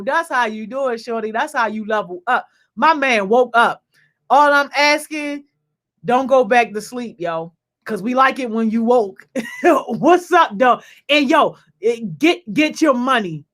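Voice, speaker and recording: A woman hosting a youth program on a video call, giving casual, slangy shout-outs with lots of "yo" and laughter. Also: sits high. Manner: energetic, slangy, peppers speech with "yo" and laughter.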